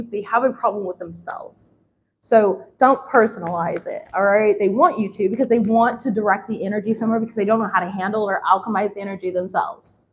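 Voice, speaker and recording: A woman's voice: fairly high pitch, low-quality recording. A young adult woman giving a casual tarot reading, blunt and laughing often, swearing freely. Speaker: tarot reader.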